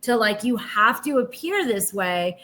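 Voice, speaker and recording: A woman podcast co-host in casual chat, talking in an animated way and slipping into mocking impressions. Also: fairly high pitch, unhurried. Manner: chatty, animated, breaks into impressions.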